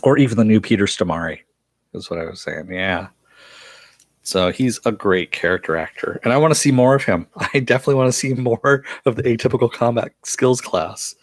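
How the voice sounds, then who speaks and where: A man with a fairly low voice reviews a TV episode in a loose, chatty spoken recap. He laughs often and uses lots of "uh" fillers as he retells scenes. The sound is dry and close, with no room sound.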